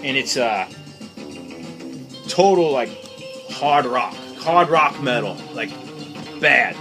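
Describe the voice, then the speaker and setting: A man's voice: medium pitch, lively intonation, slow, music in the background. A man who collects records, talking casually through his latest vinyl finds in a chatty, opinionated, rambling way. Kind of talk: casual unscripted record haul chat.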